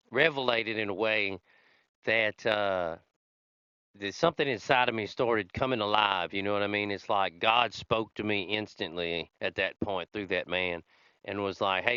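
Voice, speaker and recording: On his podcast, a man recounts his personal recovery story in a rambling, chatty way, full of fillers. His voice is on the low side, sharp in tone and smooth, recorded with no echo but with a slightly dull lo-fi quality.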